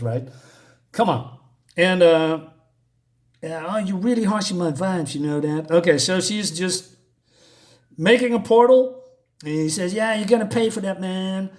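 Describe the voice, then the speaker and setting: Male channel host, slightly high voice, exasperated profane reviewer. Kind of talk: casual ranting review.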